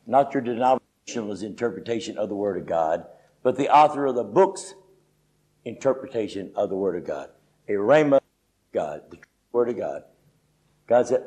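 A man's voice: fairly low pitch, lively intonation, normal speed, warm tone, rough recording. A middle-aged man preaching a conversational sermon in a folksy, emphatic way, often adding "you know".

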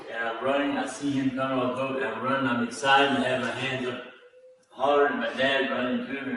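A man's voice: mid-range voice, fairly bright tone. A male preacher telling a story in a conversational sermon, voicing the people in it. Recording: echoey hall from far off with faint noise.

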